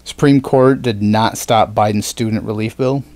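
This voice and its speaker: A man's voice: on the low side, steady tone, normal speed, a little mellow, no room sound. A man hosting a podcast in casual chat, rambling with fillers and plenty of swearing. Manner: rambling, swears often, frequent fillers and restarts. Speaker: podcast host.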